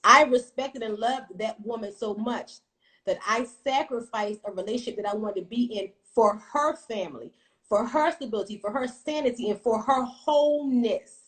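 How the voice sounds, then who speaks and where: A woman in her thirties tells a story from her own life on a casual livestream. She is blunt and swears freely, and her telling is animated. Her voice sits a little high. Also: normal speed, low-quality recording. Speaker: livestream host.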